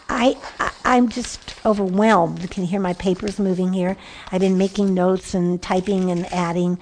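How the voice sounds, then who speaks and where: A middle-aged woman giving a heartfelt, personal devotional Bible teaching, dropping to a hushed whisper on key phrases. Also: on the low side, steady tone, normal speed, slight background noise.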